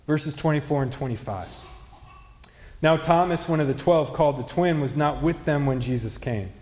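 A man's voice: a little high, normal speed, a little mellow. A man preaching a sermon as a pastor, earnest, building to emphatic questions. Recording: echoey hall, reverberant.

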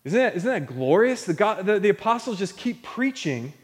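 High-voiced preacher in an echoing church. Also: male voice, big pitch swings, normal speed, few pauses. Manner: earnest, building to fervent proclamation. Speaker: pastor. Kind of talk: sermon. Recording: long hall reverb.

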